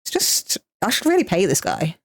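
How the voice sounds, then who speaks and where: A woman's voice: medium pitch, huge pitch swings, a little fast, husky. Woman with a Midlands accent, chatting. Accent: English Midlands. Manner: chatty storyteller, self-mocking. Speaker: podcast co-host. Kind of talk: casual podcast chat.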